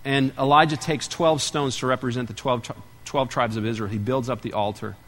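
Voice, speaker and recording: Man preaching an animated sermon. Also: mid-range voice, fairly quick, long reverb tail. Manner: animated storytelling, swings from loud to hushed. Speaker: pastor.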